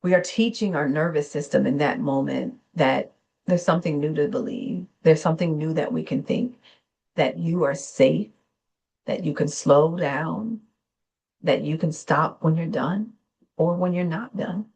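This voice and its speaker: A woman therapist with a low, gravelly voice gives a gentle wellness talk with guided breathing. She speaks slowly and soothingly. Her delivery is unscripted, and she corrects herself now and then. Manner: slow, soothing, unscripted with small self-corrections. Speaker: therapist and channel host.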